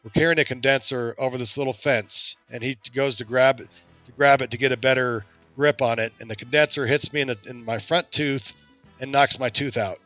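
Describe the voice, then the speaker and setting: A man hosting a podcast, telling a self-deprecating story in a lively, casual way. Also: medium pitch, fairly quick, highs cut off, faint music behind. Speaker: podcast host.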